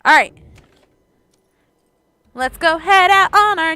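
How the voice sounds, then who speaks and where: A woman's voice: very high-pitched, expressive, slow pace, pauses often, sharp tone, no echo. A young woman streaming a story game, chatting casually and giggling between readings. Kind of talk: casual let's-play commentary.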